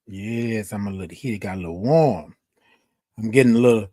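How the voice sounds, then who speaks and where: In a warm, lowish voice at a moderate pace, a male livestream host addresses his viewers directly. The stream is motivational, full of repeated, emphatic affirmations.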